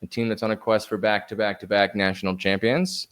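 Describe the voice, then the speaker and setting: A man's voice: lowish voice, little pitch movement, brisk, fairly bright tone. A young man on a podcast as a guest, chatting energetically, laughing often and swearing casually. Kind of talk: casual chat.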